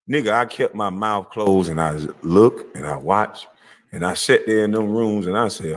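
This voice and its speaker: A man with a fairly low-pitched voice rants at a moderate pace on a livestream, heated, profane, mocking and confrontational, laughing scornfully between lines.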